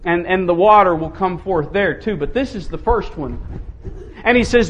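A man preaching a sermon as pastor, speaking emphatically, repeating key phrases and slowing down to stress them. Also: high-pitched, lively intonation, fairly bright tone. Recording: muffled with faint background hiss.

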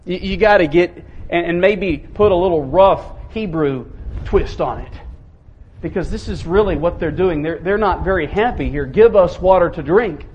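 A man preaching a sermon as pastor, speaking emphatically, repeating key phrases and slowing down to stress them. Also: high-pitched, darkish tone. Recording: muffled with faint background hiss.

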